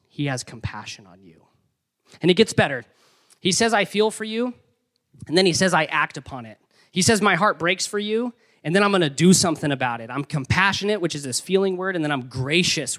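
Young male pastor, conversational and energetic sermon delivery, a touch high-pitched. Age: young adult. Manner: energetic, conversational preaching with playful emphasis.

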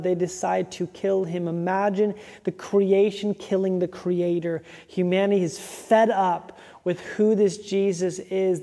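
A preacher delivers a sermon with emphatic, rhythmic repetition. The voice is gravelly and warm, held to a narrow, even pitch. It rings out with the long reverb of a large hall.

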